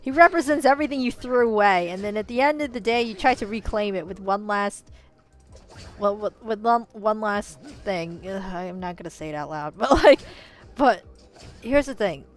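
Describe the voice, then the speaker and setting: A woman in a casual, rambling commentary, full of "you know"s and self-corrections, swinging between quiet musing and loud outbursts. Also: mid-range voice, moderate pace, faint music behind. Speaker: vlogger.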